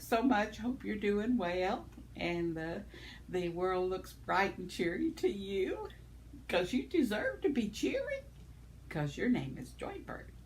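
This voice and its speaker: Reading out viewer comments, a vlogger in her 70s chats in a giggly, rambling way, with fillers and unfinished thoughts. Her voice is mid-range, and there is slight background noise.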